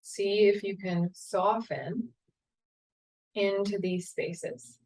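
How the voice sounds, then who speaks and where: A woman yoga teacher leading a guided meditation in a slow, calm, soothing way. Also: medium pitch, poor audio. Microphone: camera mic, seated on a chair.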